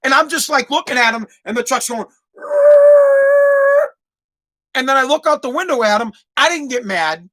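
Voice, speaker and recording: A man, hosting a podcast and telling a profane, animated story with many restarts. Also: very high voice, quick pace, hardly any pauses. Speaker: podcast host. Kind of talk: casual storytelling monologue.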